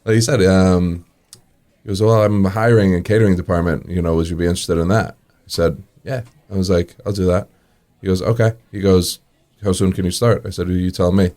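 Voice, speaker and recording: This man, a restaurant owner, trades casual stories in an interview with a low, dark-toned voice. His intonation is fairly even and his pace brisk, and he frequently chuckles and acts out the dialogue in his anecdotes.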